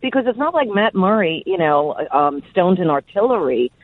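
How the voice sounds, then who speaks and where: A woman's voice: fairly low pitch, sing-song, moderate pace, no room sound. A woman calling in as a guest, chatty and enthusiastic, on a phone line. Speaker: guest contributor.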